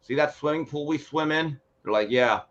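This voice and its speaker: Animated man telling sports stories, muffled. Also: fairly high pitch, moderate pace. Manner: animated storyteller acting out quotes. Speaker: sports show guest. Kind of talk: casual sports talk, storytelling. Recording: muffled lo-fi sound.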